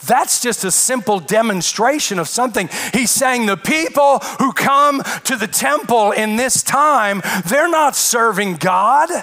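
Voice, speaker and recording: Male pastor, high voice, emphatic sermon delivery with rhetorical questions. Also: lively intonation, unhurried, hardly any pauses, bright, forceful tone.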